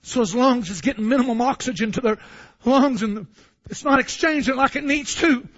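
High-pitched man preaching, goes from hushed to shouting, kinda husky and muffled. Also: moderate pace. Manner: impassioned, swinging from hushed to shouting. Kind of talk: sermon. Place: church building. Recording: dull lo-fi sound.

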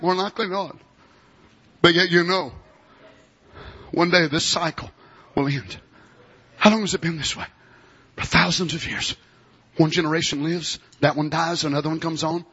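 A man preaching an impassioned sermon, shouting and exclaiming glory and hallelujah. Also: a little high, husky, dull audio.

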